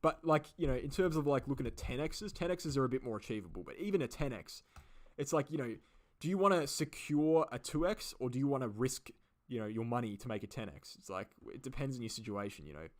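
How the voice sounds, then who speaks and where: Aussie guy rambling on his live stream, lots of "you know" and "like", talks quick. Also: mid-range voice, expressive. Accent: Australian. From Australia. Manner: rambling, filler-heavy, repeats himself. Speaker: crypto channel host. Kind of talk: live stream, answering viewer questions.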